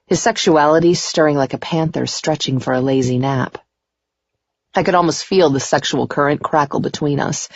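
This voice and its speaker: A woman narrating a first-person romance audiobook in a steady, unhurried reading voice. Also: low-pitched, creaky, breathy edge, no echo. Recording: dry, dull muffled recording.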